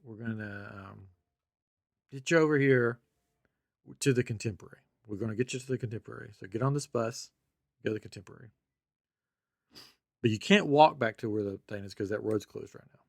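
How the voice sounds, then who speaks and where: A podcast host tells a story in casual chat, acting out the voices of the people in it. His voice is fairly low, a little mellow, and creaky, moving fairly quickly but pausing often, with clean studio sound and no echo.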